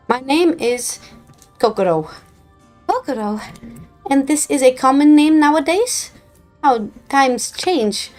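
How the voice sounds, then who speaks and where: A woman's voice: high-pitched, voice pushed up. Woman doing a stately forest chieftainess. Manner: formal, measured delivery in a put-on accent. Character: stately female forest chieftainess, formal and gracious. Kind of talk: reading game dialogue aloud in character.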